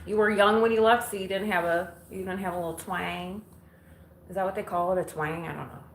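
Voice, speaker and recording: A woman's voice: lowish voice, fairly even intonation, fairly quick, gravelly. A woman chatting bluntly and casually with live viewers while doing chores at home, answering their comments and swearing now and then. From Illinois. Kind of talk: casual live-stream chat. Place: home kitchen and living room, windows open. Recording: roomy home audio with faint background noise.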